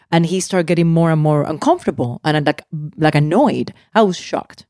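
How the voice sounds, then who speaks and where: A woman in her forties, an actress guest telling a personal story candidly, animated and full of restarts and asides. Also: low voice, brisk, few pauses, no room sound, studio quality. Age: 40s.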